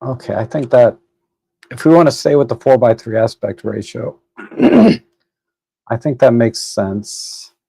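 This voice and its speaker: Man, livestream host, casual, thinking aloud, mellow voice, dry close sound. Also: mid-range voice, slow pace, vocal fry, pauses often, slightly rough, no echo. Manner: relaxed, thinks aloud with fillers and restarts. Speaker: photo editing livestream host. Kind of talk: casual live stream commentary. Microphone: desk microphone.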